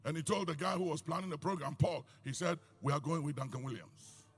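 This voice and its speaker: An older man with a Ghanaian accent preaching a sermon, swinging between loud outbursts and quiet, low asides. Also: a little fast, slightly rough. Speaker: pastor.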